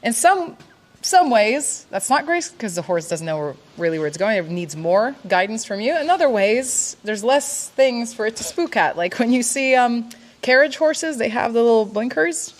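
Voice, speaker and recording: A woman's voice: fairly high pitch, animated, moderate pace. A woman acting as a riding instructor, enthusiastically explaining horse equipment step by step. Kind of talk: explanatory casual chat.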